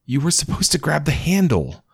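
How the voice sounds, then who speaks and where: A man's voice: a little high, very animated, normal speed, creaky, husky, no echo, studio quality, pitched above the performer's own voice, full character voice. A man voicing a brave, anxious young woman in a storybook reading, speaking urgently and with emotion.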